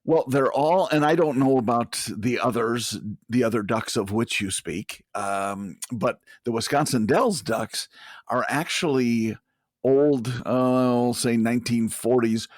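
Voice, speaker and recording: A man's voice: mid-range voice, measured pace, dry recording, clean studio sound. An older man co-hosting a podcast, chatting casually and rambling with frequent chuckles. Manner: chuckles often, loose rambling delivery. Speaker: podcast co-host. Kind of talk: casual chat.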